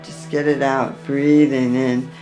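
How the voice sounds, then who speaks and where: A woman teaching a guided chakra meditation, giving slow, soothing instructions between chanted mantras. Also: rumbling low, flat delivery, warm tone, faint music behind.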